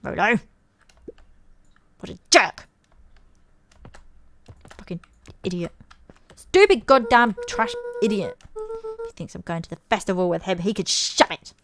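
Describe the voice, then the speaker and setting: A woman's voice: mid-range voice, very animated, measured pace, pauses often. A woman voicing a sulky, foul-mouthed young boy in a video game, grumbling her way through his lines.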